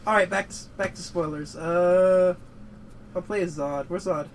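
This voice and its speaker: High-voiced man ranting over gameplay. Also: steady tone, moderate pace, slight background noise, rough recording. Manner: rambling, profane, prone to heated rants. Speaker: gaming show co-host. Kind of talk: casual gaming commentary and movie rant.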